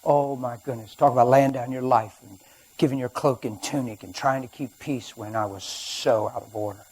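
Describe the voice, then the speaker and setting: A man preaches a sermon in a husky voice. He tells a personal story and moves between quiet, hushed stretches and loud, emphatic ones. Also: medium pitch, fairly even intonation, normal speed, poor audio. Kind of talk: sermon testimony. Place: church or studio.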